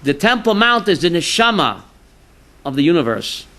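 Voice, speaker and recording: A rabbi teaches an informal class in a high, bright voice, joking, telling stories and often checking in with the room by asking "right?". His pitch swings widely at a moderate pace, and he sometimes shouts his punchlines.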